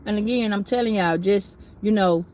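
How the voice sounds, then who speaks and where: A woman's voice: mid-range voice, moderate pace, a little mellow. A middle-aged woman giving a casual astrology reading, talking bluntly, preachily and with plenty of swearing. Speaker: tarot reader.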